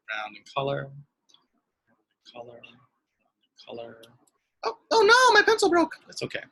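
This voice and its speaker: A young man teaching young children in an online lesson, speaking slowly in a sweet, sing-song way. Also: medium pitch, pushed and bright, slightly rough, poor audio.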